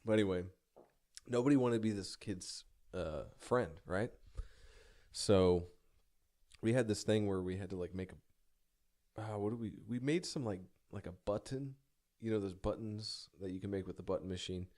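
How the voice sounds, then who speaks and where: A man's voice: fairly low pitch, normal speed, mellow. A young man telling a personal story in a rambling, self-deprecating way, swearing casually and stumbling through many restarts.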